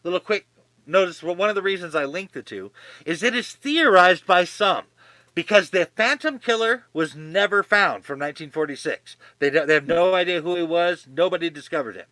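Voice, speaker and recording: A man's voice: high voice, lively intonation, moderate pace, pushed and bright, dry recording. A man co-hosting a podcast in casual chat, rambling with many restarts and freely swearing. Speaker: podcast co-host.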